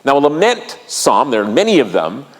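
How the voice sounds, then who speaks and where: A man's voice: medium pitch, huge pitch swings, normal speed. A man preaching a sermon as pastor, earnest and repetitive, asking the congregation questions and stressing key lines. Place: church sanctuary. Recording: church hall reverb.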